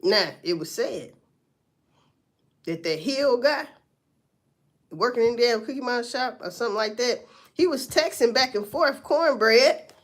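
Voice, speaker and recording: A woman's voice: on the high side, lively intonation, a little slow, pauses often. A woman doing casual livestream commentary, blunt and profane as she talks through a story. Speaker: livestream host.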